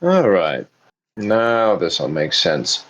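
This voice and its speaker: A man playing a tabletop game, speaking as his character in a slow, deliberate way. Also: low-pitched, wildly swooping pitch, a bit bright. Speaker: player. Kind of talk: in-character tabletop role-play.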